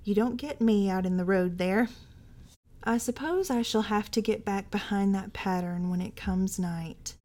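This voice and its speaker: A woman reading a first-person story aloud for a library podcast, intense and dramatic, dropping to hushed whispers and rising to agitated bursts. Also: mid-range voice, measured pace.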